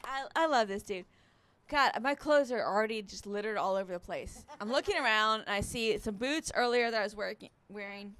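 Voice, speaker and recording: On a resort stage in front of a live crowd, an Alabama comedian rambles through a profane set, poking fun at herself. She speaks fairly quickly in a mid-range, somewhat bright voice, with slight background noise.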